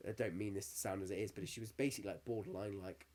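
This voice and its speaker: A man's voice: on the low side, rapid-fire, a little mellow. A man in his thirties, co-hosting a podcast in casual chat, candid and sweary, getting emotional as he tells stories. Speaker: podcast co-host.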